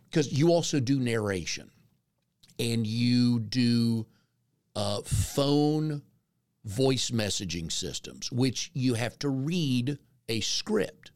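A man's voice: mid-range voice, no echo, clean studio sound. A man from North Carolina hosting a casual interview, chatty and self-deprecating as he tells stories. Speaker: podcast host.

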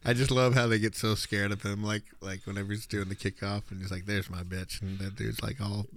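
A man's voice: lowish voice, little pitch movement, fairly quick. A man co-hosting a podcast, chatting casually about a movie, with frequent fillers and laughs. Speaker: podcast co-host.

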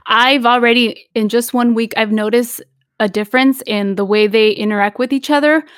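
A woman's voice: on the high side, fairly even intonation, moderate pace, fairly bright tone, no echo, studio quality. A woman co-hosting a casual podcast chat, a mother of twin girls who slips Spanish phrases into her English. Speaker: podcast co-host.

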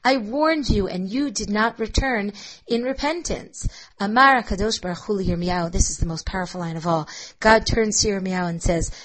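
A woman's voice: mid-range voice, moderate pace, fairly bright tone, rough recording. A woman lecturing on rabbinic texts, reading Hebrew passages aloud and translating them line by line, thoughtful and full of restarts. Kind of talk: recorded lecture.

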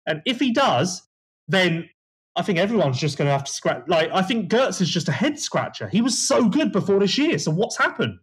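Lively husky-voiced man. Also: high-pitched, moderate pace. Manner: animated, opinionated analysis. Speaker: podcast co-host. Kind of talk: casual motocross chat.

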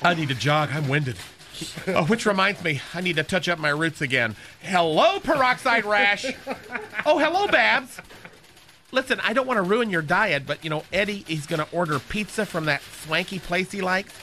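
A man's voice: high-pitched, expressive, moderate pace, bright, forceful tone, slight background noise. A man doing Phil, a campy gossipy receptionist. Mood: catty. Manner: campy, gossipy, one-sided phone chatter. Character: flamboyant gay male phone receptionist, catty. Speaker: comedy sketch character. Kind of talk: radio comedy sketch.

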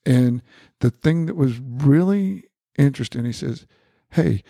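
Middle-aged male guest, gravelly and mellow, earnest storyteller who acts out quoted dialogue; dry close sound. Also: expressive, unhurried, dry recording. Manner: repeats words, quotes dialogue with rising pitch. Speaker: guest, family doctor.

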